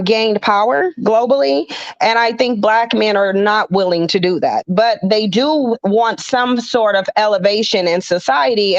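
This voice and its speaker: Woman, podcast co-host, steady and assertive, argues point by point, dull muffled dry recording. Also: mid-range voice, dry recording. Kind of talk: casual discussion.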